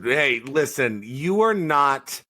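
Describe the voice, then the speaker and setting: A middle-aged man who teaches and coaches football tells jokey stories in casual podcast chat, animated as a storyteller. He speaks slowly at a medium pitch.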